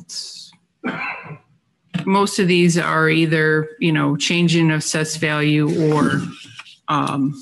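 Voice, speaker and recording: Slow gravelly official presenting figures. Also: mid-range voice, a bit bright. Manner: halting, many fillers, self-deprecating. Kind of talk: meeting presentation.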